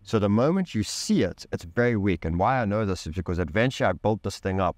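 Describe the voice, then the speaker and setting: A man's voice: fairly low pitch, very animated, quick pace. A man speaking as a podcast guest, telling a candid personal story with intense emphasis, casual slang and swearing.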